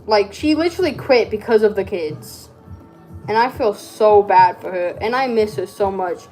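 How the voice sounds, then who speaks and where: A woman's voice: medium pitch, normal speed, dark tone, faint music behind. A woman vlogger chatting casually while she crafts, rambling and cutting herself off. She has a speech impediment and struggles to say her R's. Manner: rambling, chatty, self-interrupting.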